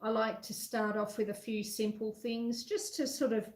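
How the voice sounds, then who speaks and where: A woman's voice: on the high side, flat delivery, normal speed, roomy sound, low-quality recording. An Australian woman hosting a casual live-stream baking chat from her home kitchen. She is chatty and self-deprecating, and she reads viewers' messages aloud while she cooks.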